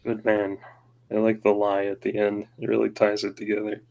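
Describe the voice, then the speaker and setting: A man's voice: on the low side, monotone, normal speed, vocal fry, a little mellow, low-quality recording. A man co-hosting a live stream, chiming in with short dry joking remarks. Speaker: livestream co-host. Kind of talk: casual chat.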